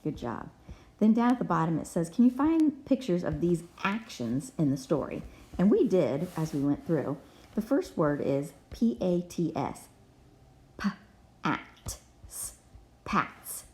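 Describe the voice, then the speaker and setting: A woman's voice: fairly low pitch, big pitch swings, normal speed, dark tone. A woman teacher giving a reading lesson to young children, patiently spelling words out letter by letter.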